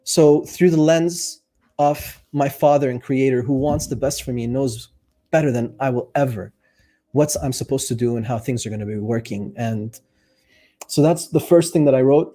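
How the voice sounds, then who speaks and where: This man's voice sits on the high side and sounds mellow. Working as a life coach, he talks to camera in an easygoing, sincere way, musing aloud with filler words and sharing his feelings candidly with viewers.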